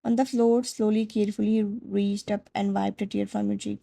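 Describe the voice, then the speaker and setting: Gravelly mellow woman narrating fan fiction. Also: medium pitch, flat delivery, moderate pace, low-quality recording.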